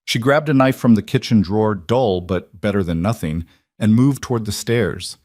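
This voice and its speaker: Male narrator, low voice, dry close read of a dark romance. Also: moderate pace, no room sound.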